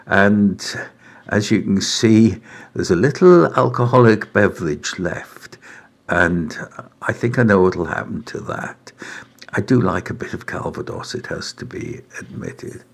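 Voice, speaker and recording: A middle-aged home cook with a low, gravelly voice presents a recipe in a relaxed demonstration from his home kitchen. He is unhurried and chatty, often saying "uh" and "right."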